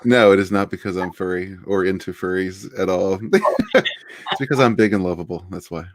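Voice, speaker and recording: A man's voice: low-pitched, moderate pace. A man being interviewed on a casual livestream, laid-back and rambling, laughing often. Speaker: interviewed author.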